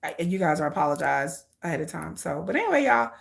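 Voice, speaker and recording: A woman's voice: fairly low pitch, very animated, quick pace, vocal fry. A woman hosting a casual live stream, talking in an emphatic, repetitive way and calling her viewers y'all. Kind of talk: casual livestream commentary.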